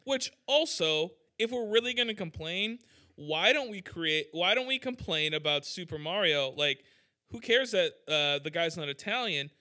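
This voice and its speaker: A man's voice: sits high, lively intonation, moderate pace, sharp tone. A young man hosting a podcast, ranting irreverently in casual chat, full of "like" and "dude". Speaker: podcast host, musician.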